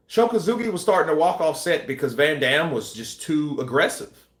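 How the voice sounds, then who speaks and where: A man hosting a boxing news channel, chatting casually and acting out scenes with shouts and sound effects. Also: fairly high pitch, very animated, normal speed, reverberant. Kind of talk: casual live-stream chat.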